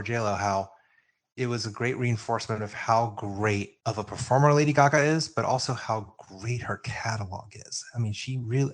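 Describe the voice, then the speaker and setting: A man co-hosting a music podcast, chatting casually and getting excited and openly emotional. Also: lowish voice. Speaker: podcast co-host. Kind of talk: casual music debate chat. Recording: remote call, own mic.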